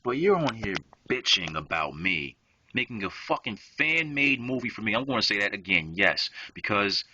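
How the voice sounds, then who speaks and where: A young online gamer rants angrily to camera, hurling profane, confrontational lines directly at a rival. His fairly low voice is pushed and bright with no room sound, captured in a dull lo-fi home recording.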